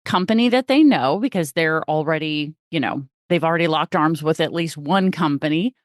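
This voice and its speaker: A woman's voice: low voice, moderate pace, dry recording. Upbeat woman host, dry close sound. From United States. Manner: upbeat and effusive. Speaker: show host. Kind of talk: enthusiastic podcast host introduction.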